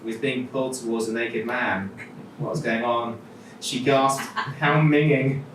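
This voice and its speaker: A man's voice: mid-range voice, little pitch movement, moderate pace, a bit bright. A man with a Welsh accent reading his own short story aloud at a live literature event, with wry conversational asides. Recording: echoey hall, mic from far off, noisy.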